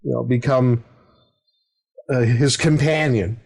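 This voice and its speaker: A man's voice: mid-range voice, fairly even intonation, slow pace, vocal fry, darkish tone. Rambling middle-aged man telling a game story. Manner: rambling, with many fillers and chuckles. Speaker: podcast host and game master. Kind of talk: casual anecdote chat.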